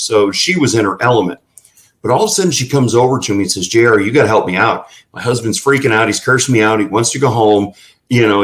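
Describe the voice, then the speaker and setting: A man's voice: lowish voice, fairly bright tone, poor audio. A man telling folksy anecdotes in a casual interview, with plenty of fillers. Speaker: ranch representative.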